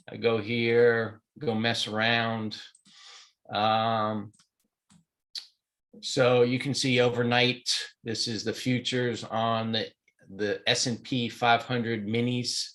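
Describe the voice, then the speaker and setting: A man's voice: mid-range voice, a bit bright. Casual sniffly man walking through charts. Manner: casual, rambling, chatty with fillers. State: sniffly, stuffy nose. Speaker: trading mentor. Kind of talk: live market walkthrough. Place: home in Hawaii.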